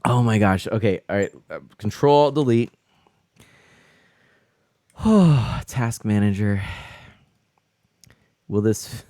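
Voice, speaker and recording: Male streamer, flustered and giggly, unhurried delivery with a swooping pitch, dry close sound. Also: expressive, mellow, no echo. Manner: flustered, laughing and exclaiming often. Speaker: game streamer. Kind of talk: live-stream chat with viewers.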